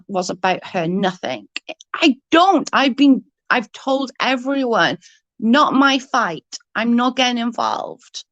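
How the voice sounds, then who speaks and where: A young woman vents in an angry, profane rant, tripping over her words as she restarts sentences. Her voice sits a little high. The sound is dry and close, with no room around it. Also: fairly bright tone, no room sound. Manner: angry, swearing, ranting with restarts. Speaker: livestream guest. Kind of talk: heated casual chat.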